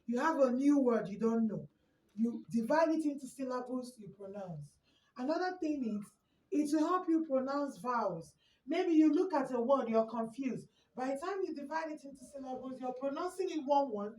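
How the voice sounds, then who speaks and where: A woman teacher with a Nigerian English accent takes her class through a lesson, slowly and patiently, repeating each key word. Her voice sits a little high. She is recorded from a distance in an echoey room with a faint hiss behind her. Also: expressive, dark tone. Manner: slow, repeats key words. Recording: echoey room, far from the mic.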